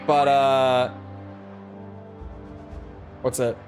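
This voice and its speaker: A man's voice: mid-range voice, level tone, extremely slow, a little mellow. A man chatting casually to his viewers while playing a flight game, rambling and swearing freely. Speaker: gaming streamer. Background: game music and jet engine sounds.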